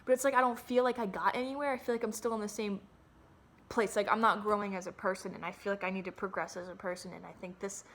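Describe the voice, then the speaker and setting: A young adult woman vlogs to her phone camera at home in a candid, rambling monologue, swearing freely and often restarting her sentences. Her medium-pitched, slightly bright voice is fast, with fairly even intonation.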